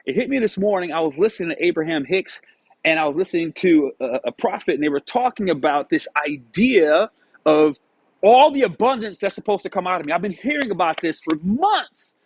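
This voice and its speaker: A man giving a casual motivational monologue, animated and storytelling, acting out his own past dialogue. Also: high-pitched, fairly quick, a little hiss or hum, poor audio. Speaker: motivational vlogger.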